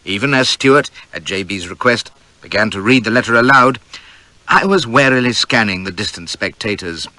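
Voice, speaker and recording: A man's voice: fairly low pitch, pushed and bright, no room sound. A man reading a novel aloud in first person, with wry, vivid, swaggering storytelling. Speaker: audiobook narrator.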